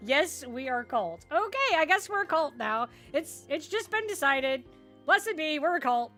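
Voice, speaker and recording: A woman streamer chats casually with her audience in a high, bright voice. She is bubbly and giggly and pokes fun at herself. Faint music plays behind her headset mic. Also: unhurried. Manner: bubbly and giggly, self-deprecating. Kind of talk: casual live-stream chat.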